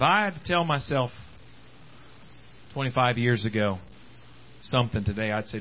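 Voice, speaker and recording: A man's voice: medium pitch, moderate pace, pauses often, dull audio, slight background noise. A man preaching a sermon at a church service, calling out to the congregation. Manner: animated preaching, calls out to congregation. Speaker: pastor.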